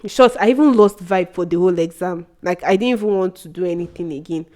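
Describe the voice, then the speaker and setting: A young woman telling a personal story to her viewers, animated, often laughing, her voice leaping up when she quotes herself. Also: fairly low pitch, quick pace. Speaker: vlogger. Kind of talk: casual storytelling.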